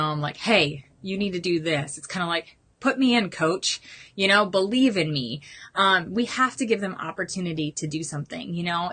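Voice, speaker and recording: Woman, 30s, lower-pitched but bright-toned, earnest team-leader pep talk. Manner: earnest and animated, addresses listeners as you guys. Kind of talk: motivational training talk.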